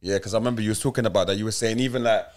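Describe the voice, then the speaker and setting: A man's voice: fairly low pitch, steady tone, very fast. A man, a podcast co-host in casual chat who chimes in agreeably with short affirmations.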